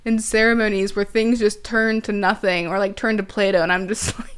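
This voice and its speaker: Woman guest, mid-pitch, reflective and chatty, casual chat. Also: little pitch movement, brisk, a bit bright, clear, resonant tone. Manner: reflective, chatty, with many fillers. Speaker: podcast guest.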